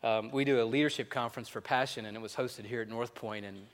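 A man preaching a sermon, telling a story with animated delivery and reading a letter aloud. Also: mid-range voice, fast. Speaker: pastor. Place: large church auditorium. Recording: echoey church hall.

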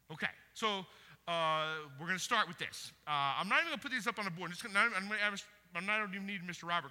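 A man preaching a sermon and quizzing his congregation, moving from quiet teaching to loud cheers for the people who answer. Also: sits high. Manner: lively, swings from quiet teaching to loud praise. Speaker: pastor. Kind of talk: sermon with audience quiz. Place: church hall. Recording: long hall reverb.

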